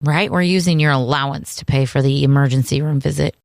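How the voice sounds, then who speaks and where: A woman's voice: deep voice, fairly even intonation, brisk, vocal fry, dry recording, studio quality. A woman co-hosting a casual chat show, playful and teasing, laughing often as she talks about her kids. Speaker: podcast co-host.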